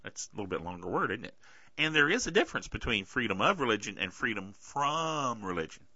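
A podcast host, a man with a bright, forceful voice, delivers chatty, sarcastic tech commentary and keeps checking in with "okay?". His throat is bothering him, so he clears it often. His pitch swings widely, and the recording sounds dull and lo-fi. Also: very animated, a little fast, no echo. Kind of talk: casual tech news commentary.

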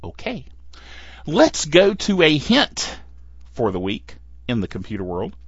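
A man's voice: a little high, huge pitch swings, measured pace, slightly rough, no echo. A man hosting a casual tech podcast, chatty and playful, laughing between phrases. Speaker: podcast host. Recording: dull, lo-fi and dry.

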